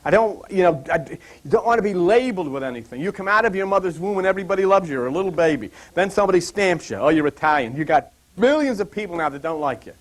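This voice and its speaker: An older man teaching from the Bible in a loose, rambling way and wandering into personal anecdotes. His voice sits high for a man and swings widely up and down as he tells stories. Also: fast. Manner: animated, digressive storyteller.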